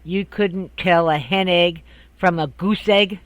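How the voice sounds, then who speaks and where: A wry, middle-aged country father who teases with a straight face, as a man retells his lines. The voice sits high and sounds close and dry. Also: takes it slowly, a bit bright, no echo. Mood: teasing.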